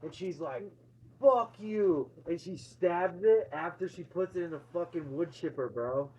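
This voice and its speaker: A man retelling a horror film's plot in a casual, excited, swear-heavy chat, laughing as he goes. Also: on the high side, moderate pace, slightly rough. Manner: excited, profane, laughing storyteller. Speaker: co-host, movie reviewer. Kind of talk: casual movie review chat. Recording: dull lo-fi sound.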